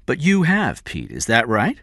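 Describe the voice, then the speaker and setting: A man's voice: mid-range voice, huge pitch swings, measured pace, pushed and bright, no room sound, studio quality, voice pushed up, heavily acted. A man voicing a hard, ruthless businessman. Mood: bitter. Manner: hard, clipped, erupts into screaming. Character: ruthless wealthy businessman, middle-aged man.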